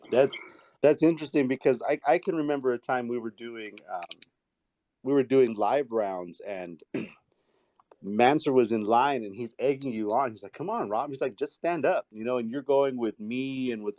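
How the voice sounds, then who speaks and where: A man hosting a casual podcast chat, relaxed and laughing easily. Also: medium pitch, a little slow, dry recording.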